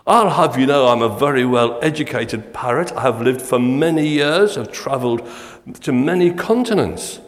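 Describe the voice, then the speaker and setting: Pompous old parrot put on by a man, lecturing, indignant, lively delivery, echoey hall. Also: medium pitch, normal speed, natural voice. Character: pompous well-educated old male parrot.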